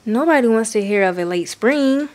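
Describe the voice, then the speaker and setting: A woman voicing an excitable male groundhog in a storybook read-aloud, talking high and eagerly with lots of exclaiming. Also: normal speed, close to an everyday voice. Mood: hopeful.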